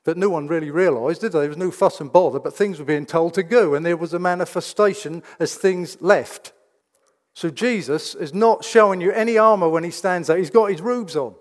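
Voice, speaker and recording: A man's voice: a little high, brisk. A man preaching a sermon in a church, emphatic and full of rhetorical questions. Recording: reverberant church hall.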